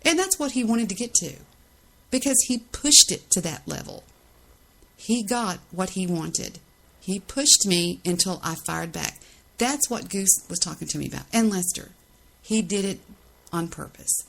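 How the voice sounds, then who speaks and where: A woman's voice: mid-range voice, expressive, a little slow, vocal fry, a bit bright, poor audio. A woman hosting her own podcast in a ranting monologue, indignant and defensive, repeating phrases for emphasis. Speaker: podcast host.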